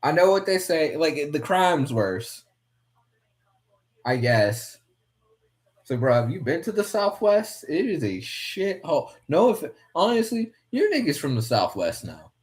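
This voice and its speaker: A man's voice: a little high, very animated, unhurried. A young man from West Virginia rambling casually as a host while watching fights, swearing freely and talking to himself.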